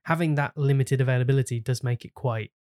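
Man, podcast host, mid pitch, easygoing, agreeable, dry close sound. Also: quick pace, a little mellow, no room sound. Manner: easygoing, agreeable, hesitant with fillers. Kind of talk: casual podcast interview.

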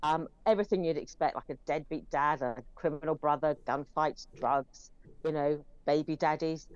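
A woman's voice: sits low, moderate pace, dry recording. Chatty woman, dull dry sound. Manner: chatty, rambling, many fillers. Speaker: film reviewer. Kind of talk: casual chat.

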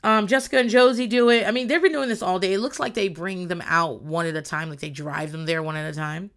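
A woman's voice: on the low side, quick pace, fairly bright tone. A woman in casual chat, recapping a reality show in a blunt, rambling way and swearing often.

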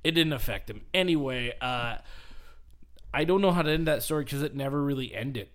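A man's voice: mid-range voice, a little fast. A man hosting a casual podcast, telling a story in a rambling way with frequent laughs and swearing. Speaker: podcast host. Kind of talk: casual chat.

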